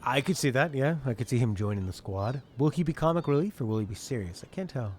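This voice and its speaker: A man's voice: mid-range voice, expressive, fast talker, few pauses, a little mellow, slight background noise. A man casually commenting while playing a game, joking and sarcastic, swearing freely. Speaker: let's play gamer.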